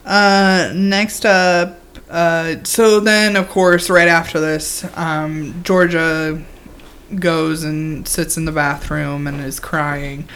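A woman's voice: low-pitched, little pitch movement, takes it slowly, fairly bright tone, smooth. A woman co-hosting a podcast, chatting casually and rambling with lots of ums as she recaps a reality show. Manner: rambling, many ums, laughs often. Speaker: podcast co-host.

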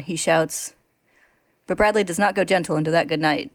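Woman podcast co-host, lower voice, dry close sound, laughs easily. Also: fairly even intonation, brisk, no room sound. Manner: laughs often, reads steadily. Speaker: podcast co-host reading a recap. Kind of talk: casual chat and read-aloud story summary.

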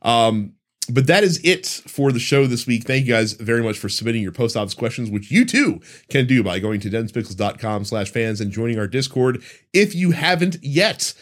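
A man hosting a podcast in a loose, chatty way, laughing often. His pitch sits in a middle range but swings a lot as he talks, which keeps him lively. It comes across as easygoing banter between friends. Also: moderate pace. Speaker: podcast host. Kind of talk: casual podcast chat.

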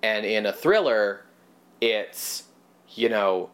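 A man co-hosting a casual film podcast, thinking out loud in long, looping sentences. His voice rises and falls in lively swings as he gets caught up in his points. He curses offhandedly. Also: lowish voice, normal speed. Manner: rambling, animated, swears casually. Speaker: podcast co-host.

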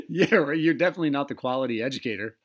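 Joking male podcast host, slightly high. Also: big pitch swings, quick pace, husky. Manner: laughing, profane, joking banter. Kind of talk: casual podcast chat.

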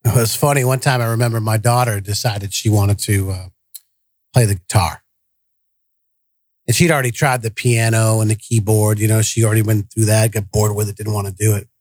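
A man's voice: lowish voice, steady tone, brisk, darkish tone, dry recording. A man co-hosting a podcast, telling family stories in a blunt, direct way and acting out the dialogue. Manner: blunt, direct storytelling, acts out quoted dialogue. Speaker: podcast co-host. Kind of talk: casual podcast chat.

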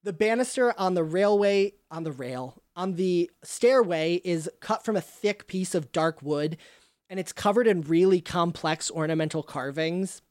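A woman's voice: lowish voice, measured pace, a little mellow, dry recording, studio quality. A woman game master describing scenes for a tabletop game, with frequent ums.

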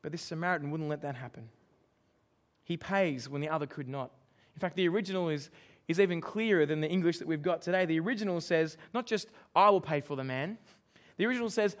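A man's voice: on the high side, fast talker. A man preaching a sermon, emphatic and asking his listeners questions. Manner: emphatic, asks the congregation questions.

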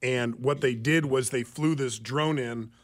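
A man's voice: mid-range voice, measured pace. A man co-hosting a talk radio show, speaking earnestly with frequent fillers. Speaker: radio co-host. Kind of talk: talk radio news commentary. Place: radio studio.

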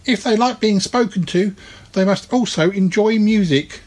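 A man's voice: sits high, normal speed, a little mellow, pitched above the performer's own voice. A man voicing an earnest, upbeat male animal from a storybook, reasoning things out and pleased with himself.

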